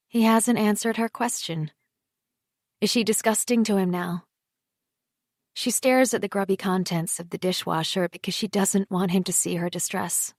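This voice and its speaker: A woman narrating an audiobook in a quiet, measured voice that drops low on the speech tags. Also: gravelly, no echo, clean studio sound. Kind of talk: scripted narration.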